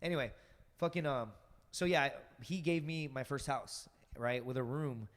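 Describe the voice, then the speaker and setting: A man's voice: mid-range voice, moderate pace, long reverb tail. A man telling stories as a podcast guest, rambling and profane, full of fillers. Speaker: podcast guest, stand-up comic. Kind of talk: casual storytelling on a podcast.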